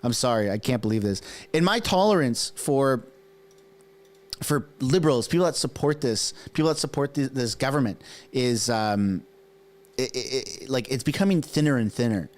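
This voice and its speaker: A man's voice: mid-range voice, lively intonation, normal speed. A man from Canada hosting a casual political reaction stream, ranting in an exasperated way with lots of restarts. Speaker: political commentary host.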